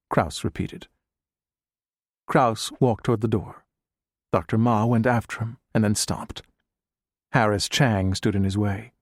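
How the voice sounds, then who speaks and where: Fairly low in pitch, a man narrates an audiobook from a script with a measured, even storytelling delivery. The recording is dry, with clean studio sound.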